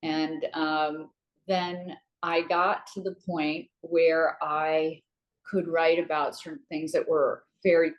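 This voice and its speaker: A woman author answering interview questions on a video call, telling her story in a measured, thoughtful way. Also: sits low, rough recording. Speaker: author and guest.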